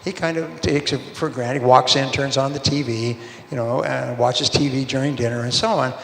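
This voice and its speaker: A sales speaker gives a motivational seminar talk, telling stories and acting out bits of dialogue in quoted voices. His medium-pitched voice is creaky and a bit bright, with fairly even intonation and a moderate pace. The recording has roomy hall reverb, faint ambience, and a little hiss or hum.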